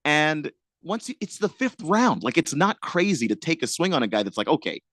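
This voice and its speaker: A man co-hosting sports talk radio, laying out his reasoning in a measured, skeptical way. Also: on the high side, sing-song, a bit bright, no echo.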